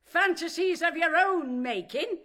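A woman's voice: very high-pitched, measured pace, bright, forceful tone, a little hiss or hum, heavily acted. An actress playing a haughty, pompous older mother who speaks of herself as "one", in rhymed stage verse. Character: haughty pompous old mother, stubbornly devout. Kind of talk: stage play in rhyming verse.

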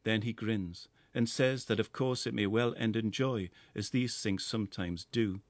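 A middle-aged man with a Geordie accent, reading a first-person story in a measured, lyrical way. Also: lowish voice, dry recording. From North East England. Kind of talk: scripted first-person narration.

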